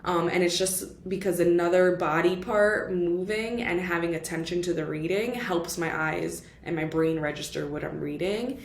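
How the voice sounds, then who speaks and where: A woman talks casually through a book she has just finished, her voice sitting a little low. She leans on fillers like "like" and "you know" and slips in the odd Spanish phrase. The room is echoey, with a faint ambient hum behind her. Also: moderate pace, creaky, few pauses. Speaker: book vlogger. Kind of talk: casual book review chat.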